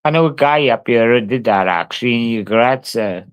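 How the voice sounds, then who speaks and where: A man's voice: medium pitch, expressive, fairly quick, clear, resonant tone, muffled recording. A man, talking casually and swearing a lot as he answers a live stream chat. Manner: brash, sweary, talks back to chat. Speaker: livestreamer.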